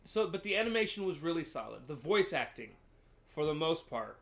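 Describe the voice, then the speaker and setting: A man's voice: a little high, big pitch swings, fairly quick, creaky, a bit bright. A man hosting a podcast, explaining at length in a casual review chat with frequent ums. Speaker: podcast host.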